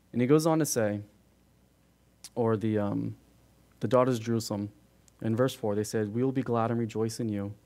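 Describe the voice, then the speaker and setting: A man teaches verse by verse through scripture in a relaxed, conversational way. His voice sits at a medium pitch, and he keeps turning to his listeners with quick asides. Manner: conversational, frequent "right?" asides to the room. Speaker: pastor. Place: church.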